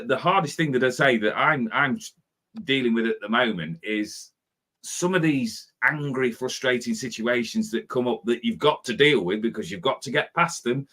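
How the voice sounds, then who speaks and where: A man in his fifties gives a motivational talk as a spiritual life coach. His voice is bright and forward, and he breaks into impatient inner monologues as he talks. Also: medium pitch. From Britain. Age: 50s. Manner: animated, acts out his own impatient inner voice.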